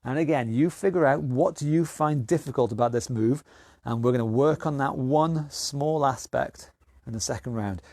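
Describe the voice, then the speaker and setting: A man's voice: mid-range voice, normal speed, a little mellow, dry recording, clean studio sound. A man leading an online exercise class, counting down rounds and calling out moves with encouragement. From United Kingdom. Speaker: fitness instructor. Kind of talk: online workout class coaching.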